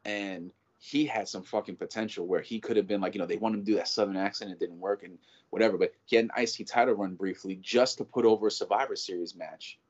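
A man talking in a casual chat as a show's co-host, animated and profane, rambling with lots of restarts. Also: fairly low pitch, fast, hardly any pauses. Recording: dull lo-fi audio.

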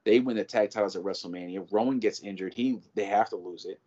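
Co-host type: a man with a lowish voice, excitable and profane, tripping over his own restarts, on a muffled low-fi recording. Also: quick pace. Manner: animated, profane, rambling with many restarts. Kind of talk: casual chat. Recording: dull lo-fi audio.

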